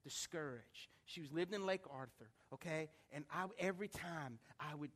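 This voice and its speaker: A man preaching, a pastor telling a story in a lively, acted-out way to his church. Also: fairly high pitch, normal speed, slight background noise. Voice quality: animated storyteller, acts out voices. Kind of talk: storytelling sermon.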